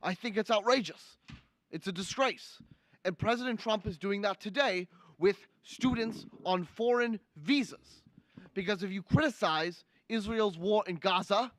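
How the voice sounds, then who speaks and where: A man's voice: high voice, expressive, unhurried, a bit bright, dry recording. A young man doing a ranting Brooklyn senator. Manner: ranting, finger-wagging, repeats outrage lines. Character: older male senator, indignant, lecturing, Brooklyn-born. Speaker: student livestream presenter. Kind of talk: comic political impression.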